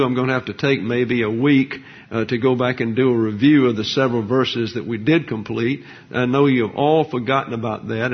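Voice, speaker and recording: A husky-voiced man gives a verse-by-verse Bible lesson from the pulpit, wandering into folksy asides. His voice sits at a middling pitch and comes through a dull, lo-fi recording. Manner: digressive, folksy, explanatory, with frequent fillers. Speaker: pastor. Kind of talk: Bible teaching sermon.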